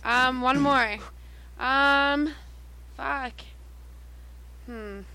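Slow, giggly high-voiced woman guest. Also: steady tone, bright, forceful tone, no room sound. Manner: slow, hesitant, giggly, many ums. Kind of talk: casual studio chat.

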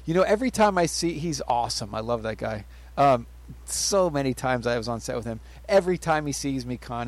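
A man hosting a crude studio talk show, loud and profane, rambling and laughing a lot. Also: medium pitch, animated, brisk. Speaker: radio show host. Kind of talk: crude casual studio chat. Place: radio studio.

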